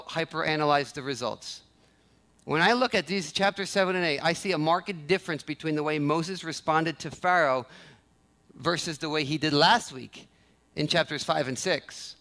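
A man's voice: fairly high pitch, a little slow, bright, forceful tone. A male pastor preaching a sermon, acting out quoted prayers and repeating key phrases for emphasis. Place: church sanctuary.

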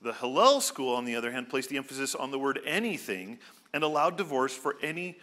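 A man delivers a sermon in an earnest, explanatory way, like a pastor teaching his congregation. His voice sits in a middle pitch with a bright, forceful edge. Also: lively intonation, a little fast.

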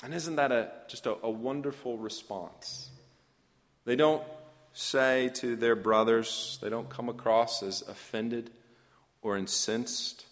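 A man's voice: medium pitch, fairly even intonation, takes it slowly, a bit bright, in a large hall. A man preaching an expository sermon, earnest and emphatic, often asking questions of his listeners.

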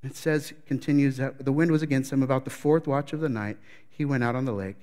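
A man's voice: medium pitch, steady tone, a little fast, darkish tone. A man preaching a sermon as pastor, telling the story with animation and acting out scenes.

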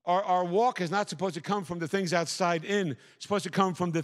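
An older man delivers a sermon as pastor, driving his points home through repetition and rising fervor. His voice sits somewhat high for a man. The sound rings with the long reverb of a church hall. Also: fairly even intonation, brisk. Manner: emphatic preacher, repeats phrases, rising to fervor.

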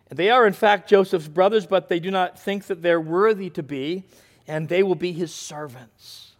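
High-voiced man preaching a sermon. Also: normal speed. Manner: earnest preaching with swings from soft to emphatic. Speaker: pastor.

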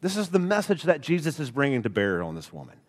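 A man's voice: on the high side, wildly swooping pitch, fast talker, long reverb tail. A man with an Alabama accent preaching a sermon in church, earnest and full of rhetorical questions, with folksy asides. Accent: Alabama Southern. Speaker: pastor. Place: church sanctuary.

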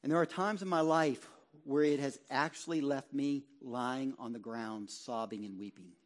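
A middle-aged man, a ruling elder, preaching an impassioned sermon that sinks to hushed low tones and rises to loud exhortation. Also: normal speed.

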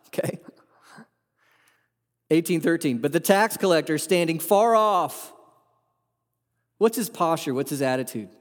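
A man preaching a sermon as a pastor, earnest and emphatic, asking the room rhetorical questions. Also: high voice. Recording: long hall reverb.

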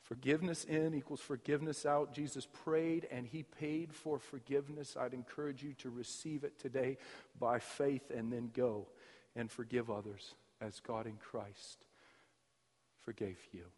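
A man preaching a sermon as pastor, his emphasis surging loud and then dropping to near quiet. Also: mid-range voice, steady tone, unhurried. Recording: reverberant hall.

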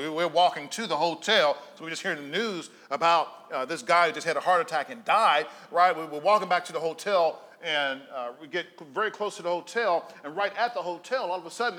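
A pastor tells stories as he preaches, moving between hushed, low passages and emphatic calls out to the congregation.

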